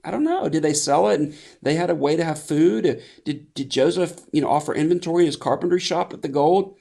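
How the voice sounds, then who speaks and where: A pastor giving a conversational sermon, with frequent restarts and fillers. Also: male voice, fairly high pitch, a little fast, gravelly, warm tone.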